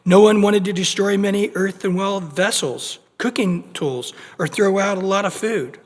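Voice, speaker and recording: A man preaching an expository sermon as pastor, conversational and animated, acting out small everyday scenes and restarting his words as he goes. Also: high-pitched, normal speed. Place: church sanctuary. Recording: long reverb of a church hall.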